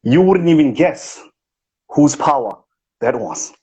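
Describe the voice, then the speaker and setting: Heavily acted, a man's slightly high, animated voice moves slowly, mellow and a bit rough, as he impersonates a boastful motivational speaker with a put-on posh accent. The bragging is smug, grand, and self-important, done for comedy in a live chat. Audio comes through as dull lo-fi livestream sound.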